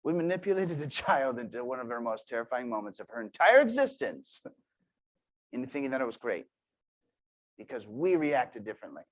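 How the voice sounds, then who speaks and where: A man in his thirties giving a motivational talk to a team, telling stories with quiet asides and sudden loud bursts. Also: mid-range voice, very animated, fairly quick. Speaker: motivational speaker.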